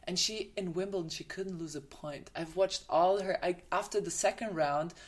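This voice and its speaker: A woman with a German accent co-hosting a casual chat, who has played tennis herself and readily agrees with her partner. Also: fairly low pitch. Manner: attentive, quick to agree. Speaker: podcast co-host.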